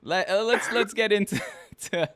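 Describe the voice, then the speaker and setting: A man's voice: high-pitched, normal speed, a bit bright, no room sound, clean studio sound. A man hosting a podcast, teasing his guest in a rambling casual chat. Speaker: podcast host.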